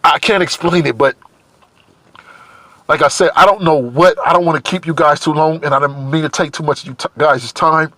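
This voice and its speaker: Emotional man, bright dry voice. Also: a little high, dry recording. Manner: halting, repetitive, searching for words. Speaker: vlogger. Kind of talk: personal confessional monologue.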